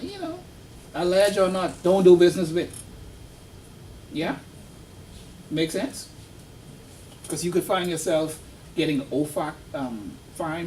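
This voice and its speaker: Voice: medium pitch, darkish tone, slight background noise. An instructor giving a casual, story-driven classroom lecture and quizzing the students. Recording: distant classroom recording with faint ambience.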